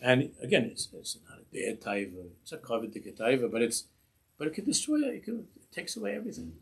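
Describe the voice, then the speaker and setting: A man giving an informal Torah class as a rabbi, lively and humorous, laughing at his own examples and mixing in Hebrew and Yiddish terms. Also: medium pitch, brisk, creaky, husky. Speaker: rabbi teaching a weekly class.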